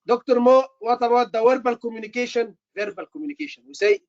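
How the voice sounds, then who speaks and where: A man's voice: extremely high pitch, level tone, fast, dry recording, highs cut off. A man tutoring students for a medical exam, emphatic and repeating his words. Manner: emphatic, repeats words, says "brother" often. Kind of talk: online teaching session.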